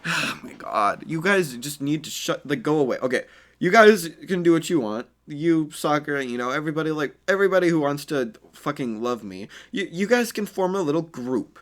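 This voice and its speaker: A man's voice: a little high, expressive, moderate pace, fairly bright tone, pitched above the performer's own voice. A man voicing a crude, dismissive young male ninja who swears and sounds exasperated. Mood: annoyed. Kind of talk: fan-made story narration.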